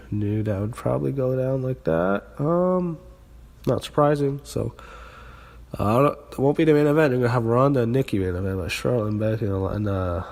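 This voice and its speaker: A young man talks through a wrestling show in a loose, rambling way, full of fillers and false starts. His voice sits a little low, and he swears when he is annoyed. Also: darkish tone. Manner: rambling, frequent fillers and restarts, frustrated swearing. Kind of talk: casual spoken review.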